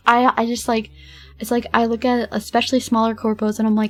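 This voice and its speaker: A young woman with a slightly high voice chats on her livestream, rambling from one thought to the next. She laughs often, swears freely and breaks into dramatic outbursts, with faint music playing behind her. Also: level tone, brisk. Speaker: streamer. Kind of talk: casual livestream chat.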